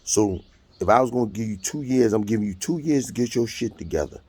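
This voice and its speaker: A husky, gravelly American man in his 50s speaks a little fast as he bluntly recounts a court hearing, cursing freely in a casual monologue. His voice is warm and on the low side.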